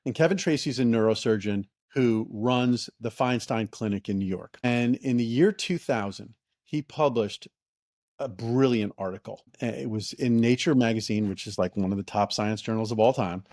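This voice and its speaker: Excitable man telling a story, dry sound. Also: medium pitch, normal speed, dry recording. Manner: enthusiastic, excitable, many restarts and fillers. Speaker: company founder, podcast guest. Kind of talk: casual interview storytelling.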